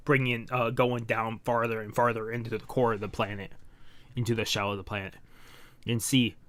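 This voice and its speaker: A man's voice: mid-range voice, fairly bright tone, dry recording. A man giving a casual, rambling manga reaction, reading aloud and correcting himself as he goes.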